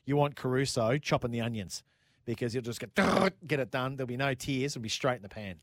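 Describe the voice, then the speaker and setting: An excitable Australian man co-hosts a radio show in casual, slangy banter. His voice sits at an ordinary middle pitch and sounds close and dry, as if it were recorded straight into a studio microphone. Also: fast, no room sound. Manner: excitable, jokey, matey slang. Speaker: radio motorsport show co-host. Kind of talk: casual studio banter, reading listener texts.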